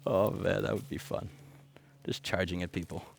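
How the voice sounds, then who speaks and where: Out picking up trash, this repair activist vlogger rants bluntly into his headset mic in an unscripted monologue peppered with sarcasm. His gravelly, low-pitched voice has a flat delivery and a moderate pace.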